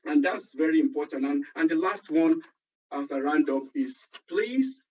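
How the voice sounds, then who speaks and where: A man's voice: on the high side, moderate pace, a little mellow. Motivational man speaking from a distance. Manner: repeats phrases for emphasis, storytelling. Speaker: conference speaker. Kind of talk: motivational talk. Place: conference hall. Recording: muffled, distant conference recording.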